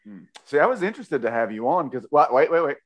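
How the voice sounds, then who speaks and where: A male podcast host in casual chat, talking at a middling pitch. He jokes and rambles, catching and correcting himself as he goes, and a faint Southern lilt creeps in. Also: big pitch swings, quick pace. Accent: slips into Southern inflection. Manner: joking, rambling, self-correcting.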